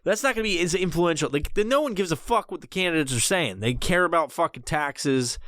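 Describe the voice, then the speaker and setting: A man's voice: fairly high pitch, fairly quick, hardly any pauses, no echo, clean studio sound. A man hosting a podcast, ranting casually with lots of swearing and rambling restarts. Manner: profane, rambling, animated. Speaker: podcast host.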